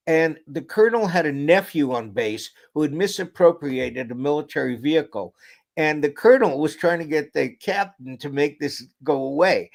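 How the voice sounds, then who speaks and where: A man, a guest author and lecturer, telling an anecdote in an interview with lively delivery, sometimes dropping almost to a whisper. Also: on the high side, vocal fry. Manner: animated storyteller, drops to near-whisper for quotes.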